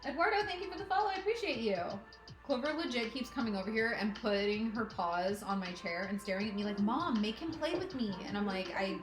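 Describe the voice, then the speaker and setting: A woman's voice: mid-range voice, fast talker, echoey room, music in the background. A woman chatting casually on a live stream while she cross-stitches, often talking to her pets. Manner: chatty, talks to her pets in a cooing baby voice.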